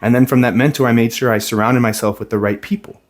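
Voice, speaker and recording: A young man talks straight to his viewers in an earnest, plain-spoken way. His voice sits at an ordinary middle pitch, and he sounds reflective and sincere as he shares his own experience as a stay-at-home dad. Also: steady tone, quick pace. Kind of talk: personal talk to camera.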